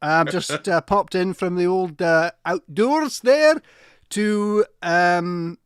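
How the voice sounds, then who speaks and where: A bumbling, cheery Scottish cow with a raised, fairly high voice, as a man puts him on. His talk halts and restarts as he goes. The sound is dry and close. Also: clean tone, no echo. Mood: chirpy. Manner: cheery, halting.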